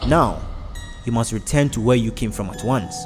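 A man voicing a glowing male spirit that speaks in a soft, vibrating tone, firm and measured. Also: medium pitch, over music, lightly acted. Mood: commanding. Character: glowing white male spirit, calm and commanding.

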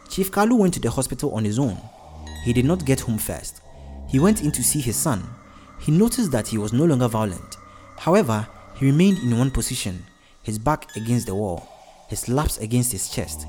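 A man narrates a story with steady, expressive reading. His voice is mellow and dark, and his pitch moves in lively swings. Faint music plays under him.

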